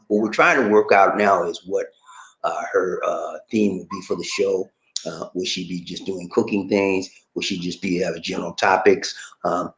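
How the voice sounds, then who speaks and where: A man's voice: low-pitched, roomy sound, rough recording. A man from Charleston, South Carolina, hosting a casual livestream, chatting with viewers and reading their comments. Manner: lively, talks to viewers, reads comments, laughs often. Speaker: livestream host.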